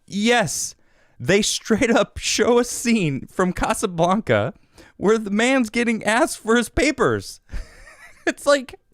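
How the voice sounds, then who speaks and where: A man's voice: sits high, big pitch swings, takes it slowly, dry recording, studio quality. A man hosting a podcast, giving casual, sarcastic commentary on news clips and reading quotes aloud to mock them. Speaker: podcast host.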